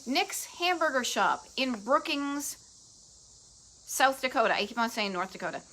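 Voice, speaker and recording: Middle-aged Boston woman, upbeat live-stream host, bright lively voice, chatty. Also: on the high side, a little hiss or hum, rough recording. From Massachusetts. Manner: bubbly, chatty, quick asides to viewers. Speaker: host of a live travel show. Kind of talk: casual live-stream chat.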